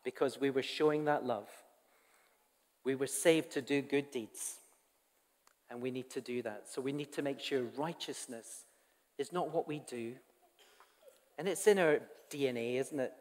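A pastor preaches to his congregation in a church hall, earnest and conversational, turning aside now and then to the people before him. His mid-range voice has a darkish tone, and he speaks unhurriedly with long pauses. The recording carries a long church reverb.

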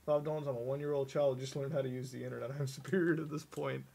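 Streaming a video game live, a man comments on his play and reads chat messages, profane, excitable, and mocking, with sudden shouts. He is a fast talker with a medium-pitched, creaky voice.

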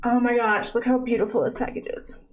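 A woman's voice: fairly high pitch, a little fast, noisy background. Gushing young woman streaming an unboxing. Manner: gushing, excitable, lots of "like" and "oh my gosh". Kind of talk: casual live-stream unboxing chat. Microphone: close desk mic.

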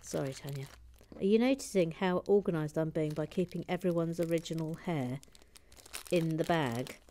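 A woman with a low voice chats casually while building, reading out viewer messages as she goes. Her tone is soft and self-deprecating. She slips into whispered asides, with plenty of "uh"s and restarts. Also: moderate pace, slight background noise. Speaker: livestream host.

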